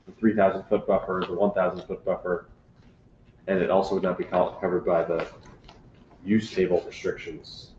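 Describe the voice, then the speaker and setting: A man on a city committee asking questions at a meeting, halting and searching for words. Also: deep voice, darkish tone, a little hiss or hum. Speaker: committee member. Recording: echoey chamber, dull sound.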